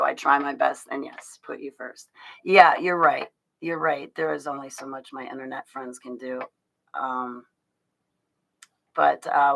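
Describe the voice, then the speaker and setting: A woman's voice: a bass voice, gravelly, fairly bright tone, rough recording. A woman hosting a casual livestream, rambling and confiding in her viewers, with restarts and laughs. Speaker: livestream host talking to her chat.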